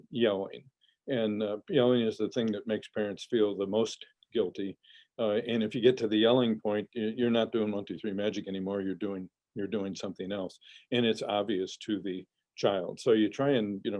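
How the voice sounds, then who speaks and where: An older man, a parenting expert, giving measured advice in an interview with frequent restarts and fillers. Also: fairly low pitch, warm tone, low-quality recording.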